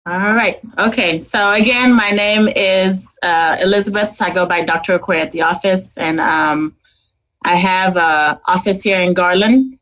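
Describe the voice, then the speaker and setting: A woman from Ghana, a dentist, speaking as the guest speaker over a video call, soft-spoken and a little hesitant. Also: fairly low pitch, a little slow, low-quality recording.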